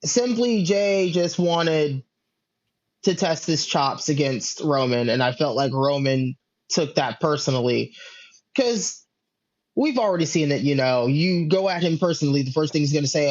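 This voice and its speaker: Animated man chatting on a podcast, dull sound. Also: a little high, unhurried, no echo. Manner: animated, acts out wrestlers' lines in quotes. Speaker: podcast host. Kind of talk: casual podcast chat.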